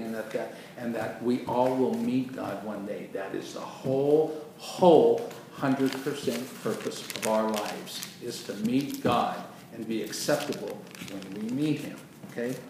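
A man preaching a sermon with emphatic delivery, swinging from quiet passages to loud bursts. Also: medium pitch, moderate pace, few pauses. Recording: echoey hall from far off with noise.

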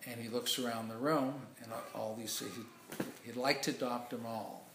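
A man's voice: mid-range voice, fairly even intonation, moderate pace, background noise. A man preaching, telling a story as a sermon illustration in a rambling way with many restarts. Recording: echoey room.

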